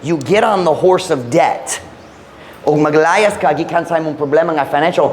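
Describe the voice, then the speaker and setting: A man preaches a sermon in a slightly high voice, pressing his listeners with pointed questions. His voice rings out through a roomy church hall with a long reverb tail. A faint hiss of noise sits underneath. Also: moderate pace. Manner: emphatic, quizzing the congregation with questions. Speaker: pastor.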